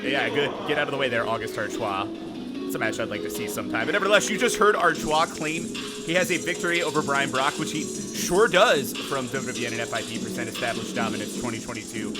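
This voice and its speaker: A man doing energetic play-by-play commentary for a wrestling show. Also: medium pitch, a little fast, over loud music. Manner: energetic, animated.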